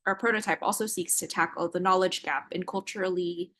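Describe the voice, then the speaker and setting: A woman developer giving a prepared demo presentation, measured and with frequent ums. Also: fairly low pitch, fairly even intonation, pushed and bright.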